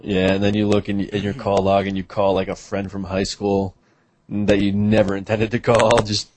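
A man in loose conversation with friends, telling a story at an easy, rambling pace. His voice sits low and has a husky, slightly rough edge. He fills pauses and drops crude jokes along the way. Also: monotone, a little mellow. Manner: laid-back, rambling, with fillers and crude jokes. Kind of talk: casual storytelling chat.

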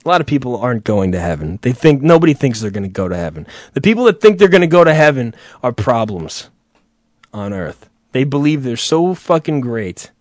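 A man's voice: medium pitch, dry recording. A man hosting a crude, comedic live chat, profane and sardonic, laughing often.

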